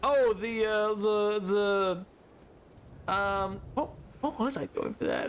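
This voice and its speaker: High-voiced, jokey male game streamer. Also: takes it slowly, a little hiss or hum. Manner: rambling, jokey, self-amused. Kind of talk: casual gameplay commentary.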